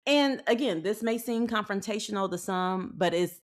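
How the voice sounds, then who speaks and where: A woman in her thirties hosting a podcast, giving frank faith-based dating advice in a folksy, animated way, acting out what people said. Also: medium pitch, normal speed. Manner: animated storytelling with acted-out quotes; folksy, frank, laughs often. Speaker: podcast host.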